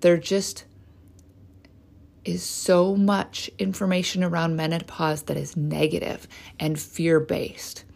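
A woman's voice: fairly low pitch, level tone, slow pace, vocal fry, a little mellow. A woman in her forties, a hormone specialist and trainer, telling a candid personal story in a conversational way with frequent asides to the listener.

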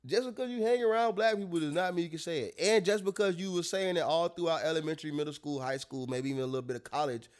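A man gives his opinions bluntly in a relaxed conversation and swears freely. His voice sits somewhat high for a man. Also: fast talker, hardly any pauses, clear, resonant tone. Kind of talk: casual chat.

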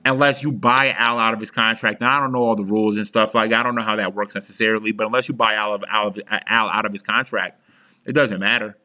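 A young man speaks fast in a lowish, bright, forceful voice with fairly even intonation, hosting a sports podcast. He rants angrily as a frustrated fan, swearing heatedly and restarting his sentences a lot.

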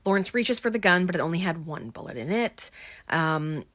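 Chatty woman with a lowish voice. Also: expressive, moderate pace, a bit bright, dry recording. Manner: chatty, rambling, frequent ums and likes. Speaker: podcast host recapping a film. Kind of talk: casual film recap.

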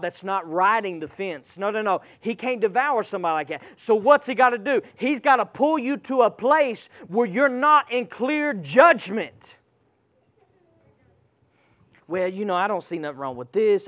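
A man's voice: sits high, a bit bright. A man preaching a sermon, emphatic and calling out to the congregation.

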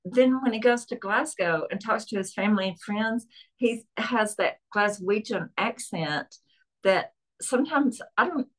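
A woman's voice: medium pitch, expressive, unhurried, low-quality recording. Chatty woman podcast guest. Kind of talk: casual interview chat.

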